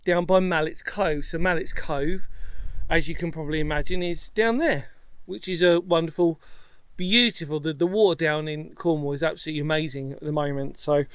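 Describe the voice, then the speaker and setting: A man's voice: a little high, steady tone, brisk, clean tone, no room sound. A man chatting casually as a history vlog presenter on a coastal path outdoors, rambling and self-deprecating with lots of fillers.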